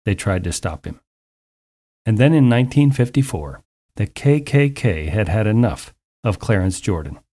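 A man hosting a radio ministry program, telling a story and giving announcements in an earnest, measured way. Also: medium pitch, warm tone. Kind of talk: scripted radio ministry narration.

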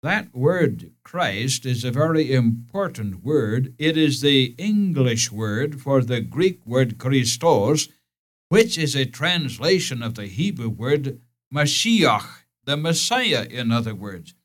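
A male preacher delivers a sermon at a slow, unhurried pace, his voice at an ordinary middle pitch. He is earnest and emphatic, leans on repeated key phrases, and turns to question his listeners directly. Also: sing-song.

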